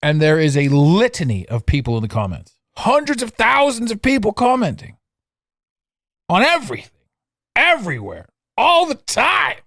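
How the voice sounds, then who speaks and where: A middle-aged man hosting a solo podcast, chatting casually and mocking himself, with sudden loud bursts and low asides. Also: moderate pace, no echo, studio quality. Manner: animated, swings between loud outbursts and low asides; self-mocking, laughs at himself. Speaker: podcast host. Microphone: studio mic, audio only.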